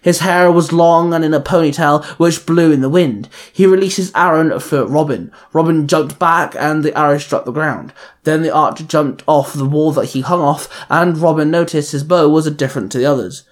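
A man's voice: fairly high pitch, moderate pace. A man narrating a superhero fan fiction story in a plain storytelling manner. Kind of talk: reading fan fiction aloud.

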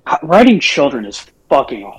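A man's voice: mid-range voice, sing-song, normal speed, a crowd in the background, poor audio. A man who writes fan fiction, chatting on a podcast in a blunt, profane, offhand way. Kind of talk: casual chat.

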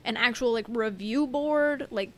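A woman co-hosting a podcast, chatting casually with lots of fillers and thinking out loud. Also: fairly high pitch, a little slow. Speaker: podcast co-host.

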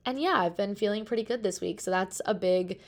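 A woman's voice: mid-range voice, a little fast. A young woman in her twenties hosting her podcast, chatting candidly with lots of "like" fillers and casual swearing. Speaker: podcast host. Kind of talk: casual chat.

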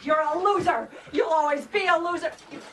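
A cruel, belittling mother screams insults in a very high, piercing voice. The film sound is distant and carries a steady noise. Her scorn is constant and cutting. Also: fairly quick. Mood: contemptuous. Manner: scornful, shouting. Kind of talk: film drama.

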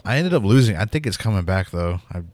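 A man's voice: fairly low pitch, lively intonation, quick pace, a little mellow. A man with a Southern Oklahoma accent, chatting casually with lots of "like" and casual swearing. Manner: swears casually, filler-heavy speech. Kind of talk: casual chat.

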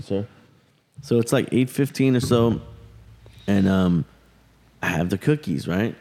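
A man's voice: lowish voice, dark tone. Profane man telling a story in an echoing space. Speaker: podcast host. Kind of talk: casual storytelling. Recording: long hall reverb.

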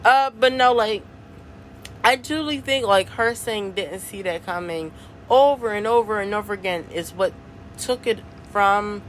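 A woman's voice: fairly high pitch, measured pace. Young woman podcaster, casual slangy chatter with easy laughs, faint noise underneath. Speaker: podcast host. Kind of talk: casual solo podcast chat.

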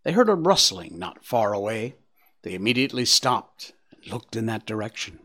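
A man reading a storybook aloud with an expressive, varied delivery. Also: lowish voice, moderate pace. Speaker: narrator.

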